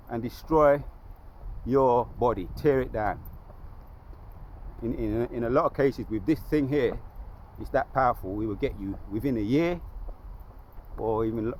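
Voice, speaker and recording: A man's voice: fairly low pitch, a little mellow, slight background noise. Emphatic man preaching outdoors. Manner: emphatic, repetitive, restarts often. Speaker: street preacher. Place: outdoors, by a lake.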